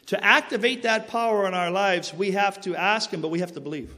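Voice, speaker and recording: In a large hall, a man with a high-sitting, sharp-toned voice speaks at a moderate pace, sharing his faith testimony as casual storytelling. He wanders into tangents and apologizes for them, staying earnest and preachy while emphasizing key phrases.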